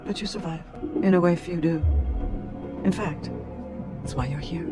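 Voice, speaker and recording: An actress playing a cryptic fortune-telling witch, speaking in a measured, knowing way. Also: lowish voice, over music, close to an everyday voice. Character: cryptic older woman witch, fortune teller. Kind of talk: TV series dialogue. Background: dramatic score.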